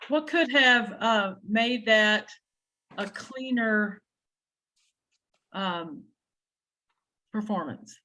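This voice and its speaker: A woman's voice: mid-range voice, lively intonation, drawn-out words, long pauses, bright, forceful tone. A woman leading an adjudicator training session over a video call, explaining in a conversational way with frequent restarts.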